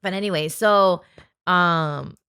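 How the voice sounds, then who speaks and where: A woman in her thirties from New York, guest on a casual talk show, telling stories in an animated way and acting out what people said. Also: lowish voice, slow pace, very noisy. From New York, Bronx. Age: 30s. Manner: animated storytelling, acts out quotes. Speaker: guest comedian. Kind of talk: casual podcast chat.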